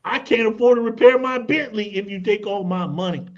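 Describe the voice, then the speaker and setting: A man's voice: sits high, a little fast, lo-fi sound, slight background noise. A man guesting on a radio interview, explaining in an emphatic way and telling anecdotes. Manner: emphatic, tells anecdotes, repeats "look at this". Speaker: credit expert guest.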